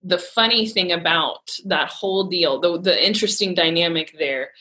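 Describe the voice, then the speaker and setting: Middle-aged woman, casual faith chat; emphatic, heartfelt, bright and a little low. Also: normal speed. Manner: emphatic, heartfelt, laughs easily.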